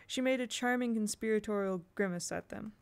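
A woman reading a storybook aloud in a steady, measured way. Her voice has a gravelly grain and sits at an ordinary middle pitch. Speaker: audiobook reader. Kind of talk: storybook narration.

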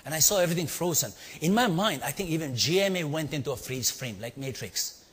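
A man's voice: on the high side, lively intonation, fast talker, breathy edge. A middle-aged man with an Indian accent tells a story to a live audience, playfully asking questions and acting out sounds. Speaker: storytelling speaker on leadership. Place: large hall before a live audience. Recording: long hall reverb.

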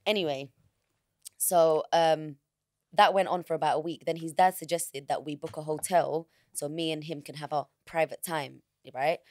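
Frank low-voiced woman. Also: steady tone, moderate pace, darkish tone, dry recording, studio quality. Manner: frank, slangy, vivid retelling. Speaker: podcast guest. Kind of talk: candid personal storytelling.

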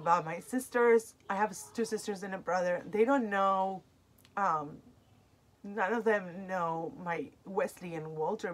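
A woman, chatting emotionally while unboxing and reading product cards aloud. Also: lowish voice. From Argentina. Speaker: unboxing vlogger. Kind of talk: casual unboxing chat.

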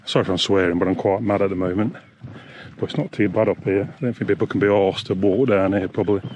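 A man's voice: lowish voice, a little hiss or hum. A man, ranting angrily and swearing while vlogging on a hiking trail. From England. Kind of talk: angry outdoor vlog.

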